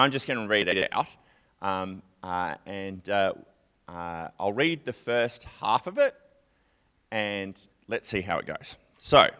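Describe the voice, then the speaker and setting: A man giving a conversational sermon, chatty and animated, sometimes acting out a distressed psalmist's prayers. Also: low-pitched. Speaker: preacher.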